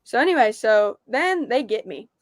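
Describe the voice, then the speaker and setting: Higher-voiced woman telling a story. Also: normal speed, no room sound, clean studio sound. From Tennessee. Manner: animated, laughing storyteller. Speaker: podcast guest, disc golf pro. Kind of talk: casual storytelling interview.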